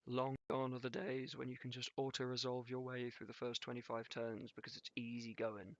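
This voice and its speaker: A man's voice: mid-range voice, little pitch movement, moderate pace, dry recording, highs cut off. Guy streaming a strategy game, chatty, swears a lot, talks his moves through. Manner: casual, swears, jokes with chat. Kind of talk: live gameplay commentary.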